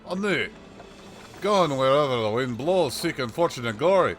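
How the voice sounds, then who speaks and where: A man's voice: mid-range voice, animated, moderate pace, faint music behind, close to an everyday voice. A man voicing a chatty old male peddler with a put-on rustic accent and a folksy, rambling way of talking. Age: older. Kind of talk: reading game dialogue aloud on a livestream.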